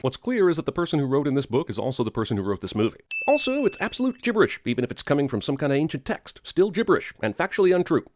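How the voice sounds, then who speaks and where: A man narrating a sarcastic movie critique, mocking each scene with rapid rhetorical questions. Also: medium pitch, animated, noisy background. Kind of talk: sarcastic comedic voice-over.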